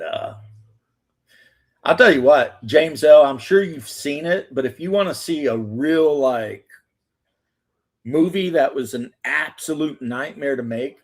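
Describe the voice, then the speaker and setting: A man's voice: medium pitch, moderate pace. A man hosting a casual chat, telling long rambling stories, acting out quotes and swearing freely. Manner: rambling storyteller, acts out quotes, swears, laughs. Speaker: host.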